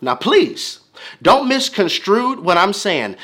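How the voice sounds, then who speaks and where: A male preacher with a high, bright voice that swings widely in pitch. He preaches with emphasis, repeating lines and building in waves. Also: sing-song, measured pace. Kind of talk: sermon.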